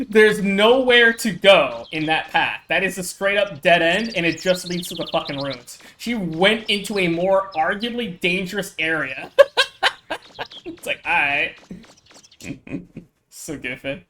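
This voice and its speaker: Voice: medium pitch, pushed and bright, slight background noise. A player giving casual, rambling commentary over a video game, swearing freely and laughing often. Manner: laughing, profane, rambling asides. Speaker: let's play commentator.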